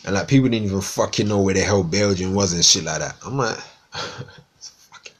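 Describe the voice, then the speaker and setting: A man from East London, England, speaks low and fast in a Cockney accent, chatting casually on a live stream. His talk is rambling and slangy, and he swears a lot.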